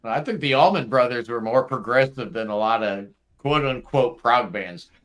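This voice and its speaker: A man's voice: mid-range voice, normal speed, a bit bright. A man hosting a casual interview show, chatty and joking with his guests. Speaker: podcast host.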